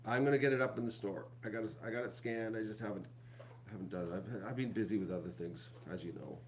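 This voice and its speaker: A man's voice: lowish voice, fast talker, a little hiss or hum. A middle-aged man, chatting casually to viewers at home, rambling and repeating himself. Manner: addresses viewers as folks. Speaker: vlog host.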